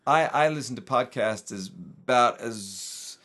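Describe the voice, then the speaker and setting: Man, podcast host, very animated pitch, wry asides, constant "mm-hmm"s. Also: measured pace. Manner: frequent murmured backchannels, wry asides. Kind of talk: casual chat.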